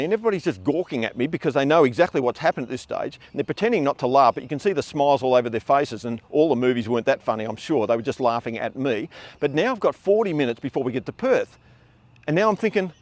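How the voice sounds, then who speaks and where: A middle-aged man telling a funny personal anecdote in a casual, animated way. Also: fairly high pitch, dry recording. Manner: animated, acts out voices in his tale. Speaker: storyteller.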